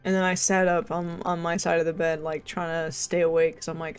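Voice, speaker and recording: Over faint game music, a young woman streams, rambling chattily with lots of "like" and "um" and frequent laughs between sentences. She speaks fairly quickly on the low side, with little pitch movement and a clean tone.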